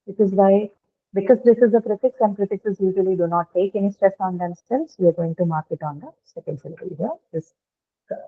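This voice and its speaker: A woman's voice: mid-range voice, fast. Woman teacher, methodical explainer who keeps checking understanding; thin phone-line sound. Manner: explains step by step, checks with "right?". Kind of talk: online lesson on word stress.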